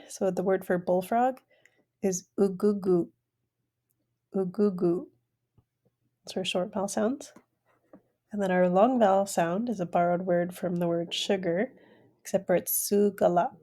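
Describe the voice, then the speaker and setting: A woman teaching an online language class, pronouncing each word slowly and repeating it for learners. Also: mid-range voice, dark tone. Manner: slow, careful word-by-word pronunciation, repeating each word.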